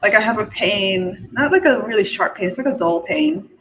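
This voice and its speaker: A woman's voice: medium pitch, expressive, normal speed, fairly bright tone, slight background noise. A young woman in casual chat, giggling often and filling her talk with fillers. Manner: chatty, many fillers, frequent giggles. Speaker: forum host sharing spiritual beliefs. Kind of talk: casual monologue. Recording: dull lo-fi recording.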